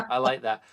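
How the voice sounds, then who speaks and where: A middle-aged man from Britain with a British accent, hosting a casual chat with jokey, rambling stories and frequent laughs. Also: a bit bright. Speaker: host.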